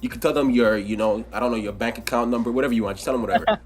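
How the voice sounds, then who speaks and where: A young man co-hosts a casual podcast, talking at a racing clip in a mid-range, scratchy voice. He jokes around and swears loosely as they chat.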